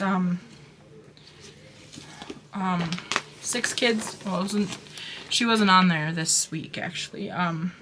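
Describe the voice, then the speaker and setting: A woman's voice: medium pitch, sharp tone, slight background noise. A woman craft vlogger chatting casually about her haul, gushing and rambling with lots of fillers and restarts.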